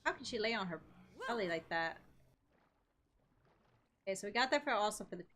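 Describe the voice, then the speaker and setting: A woman streamer giving casual gameplay commentary, reacting animatedly and reading on-screen text aloud haltingly. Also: mid-range voice, lively intonation, fairly bright tone, a little hiss or hum. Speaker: game streamer.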